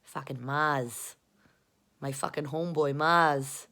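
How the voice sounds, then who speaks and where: A woman's voice: sits low, fairly even intonation, takes it slowly, fairly bright tone. A young woman, rambling casually and profanely to her viewers in a self-mocking way. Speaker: vlogger.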